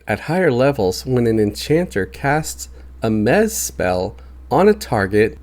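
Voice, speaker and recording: Male gaming host, relaxed explainer with a slightly deep morning voice, speaks slowly. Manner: easygoing, chatty, self-joking. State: morning voice, a bit deeper than usual. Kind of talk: casual game explainer.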